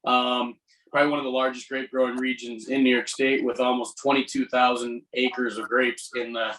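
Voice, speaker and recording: A man's voice: medium pitch, flat delivery, moderate pace, fairly bright tone. A man speaks as a winemaker from his basement at home over a video call. He talks in a laid-back, rambling way, and he sits some distance from the mic. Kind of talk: casual guest talk.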